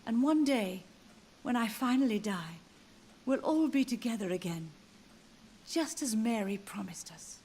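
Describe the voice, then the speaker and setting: An actress voicing a grieving elderly mother who softly insists her living son is a ghost, in video game dialogue. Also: a little high, animated, unhurried, pauses often, a little hiss or hum. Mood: mournful. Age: older. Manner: soft, tender, wistful. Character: grieving elderly mother, gently deluded, haunted. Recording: game audio with loud music behind.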